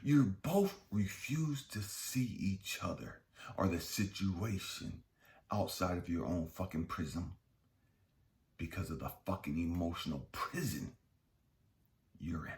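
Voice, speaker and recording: A man's voice: deep voice, lively intonation, slow pace. A man hosting a self-help channel, giving a blunt, heavily profane, preachy motivational monologue.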